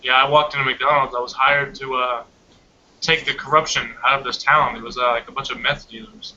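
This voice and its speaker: A man's voice: mid-range voice, fairly even intonation, a little fast, sharp tone, highs cut off, slight background noise. A young man in casual chat, animatedly telling a long dream story and laughing often. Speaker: hangout participant.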